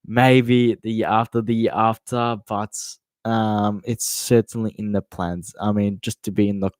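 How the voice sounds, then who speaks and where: Chatty Australian teen lad, low voice. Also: male voice, flat delivery, measured pace, a little mellow, no echo. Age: teens. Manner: chatty, rambling, swears casually and calls listeners mate. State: hot and sweaty. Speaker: podcast host. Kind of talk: casual live Q&A chat.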